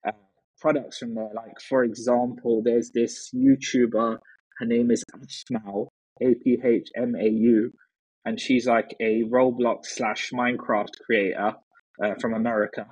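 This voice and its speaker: A man talking as a podcast guest, telling stories in an animated way with many fillers. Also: mid-range voice, a little slow, slightly rough, no room sound, poor audio. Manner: animated storyteller, frequent fillers and restarts. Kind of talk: casual chat.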